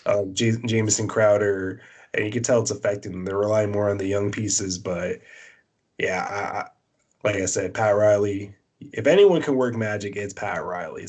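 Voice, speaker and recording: A man co-hosting a podcast, giving blunt, opinionated sports takes in casual chat with a Canadian accent, often pausing on "uh" and "um". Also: on the low side. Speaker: podcast co-host.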